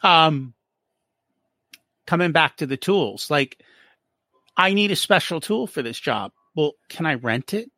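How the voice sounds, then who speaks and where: Lively high-voiced man acting out dialogues. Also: unhurried, long pauses, no echo, clean studio sound. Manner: animated, acts out little dialogues. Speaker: business profitability guest. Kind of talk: casual interview explaining.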